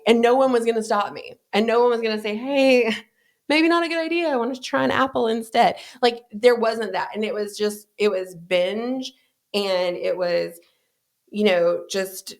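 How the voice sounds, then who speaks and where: Gravelly woman telling her story. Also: mid-range voice. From American South. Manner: earnest, frequent "like" and "you know". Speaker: podcast guest. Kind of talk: candid conversational storytelling.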